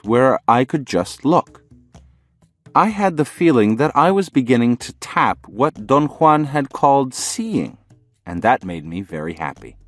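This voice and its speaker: A man narrating an audiobook in measured, storytelling fashion. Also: mid-range voice, no room sound.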